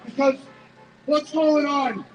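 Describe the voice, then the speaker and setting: A man giving an emotional, stammering speech at an outdoor protest rally, heard through an echoey loudspeaker from a distance. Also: very high-pitched, steady tone, slow pace, soft background music. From Canada. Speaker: rally speaker, business owner. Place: outdoor city square rally.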